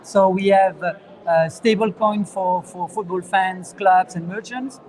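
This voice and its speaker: A man with a French accent answering interview questions as a founder, earnest and halting with fillers. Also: high voice, a little mellow, rough recording. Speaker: startup founder, guest. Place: conference venue.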